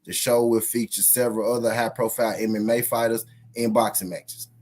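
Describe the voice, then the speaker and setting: Profane, animated man talking boxing. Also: on the low side, a little fast. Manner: profane, animated, talks straight to viewers. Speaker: boxing channel host. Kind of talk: casual live commentary, reading an article aloud.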